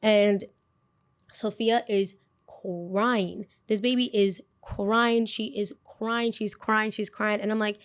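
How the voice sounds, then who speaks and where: A young woman hosting a podcast, telling a story in a casual, animated way and repeating phrases for emphasis. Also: mid-range voice, unhurried, clean tone, no room sound. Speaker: podcast host.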